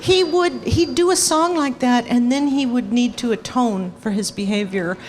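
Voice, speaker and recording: A woman, a former sound engineer, telling stories on stage to an audience in a lively, animated way. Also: a little high, moderate pace, long reverb tail. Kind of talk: storytelling on stage.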